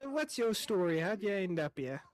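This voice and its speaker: A man's voice: high-pitched, sing-song, moderate pace. A man voicing a friendly, talkative male chef who rambles and calls everyone mate. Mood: chummy.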